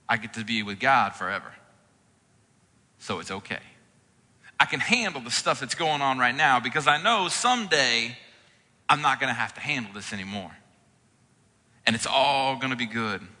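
A man delivers a sermon in a conversational, heartfelt way, slipping into casual asides between scripture readings. His voice is very bright, and it rings with the long reverb of a hall. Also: mid-range voice. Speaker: pastor.

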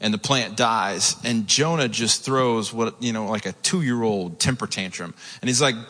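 A man preaching a sermon, telling the story with lively asides and acted-out quotes. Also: unhurried. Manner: storytelling, acts out quotes with rising pitch. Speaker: pastor. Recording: long hall reverb.

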